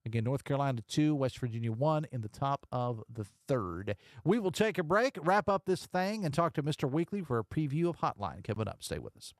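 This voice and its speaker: A man's voice: mid-range voice, big pitch swings, brisk, few pauses, no room sound, clean studio sound. A man hosting a radio talk show, reading listener texts aloud and chatting loosely. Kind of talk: casual call-in show chat.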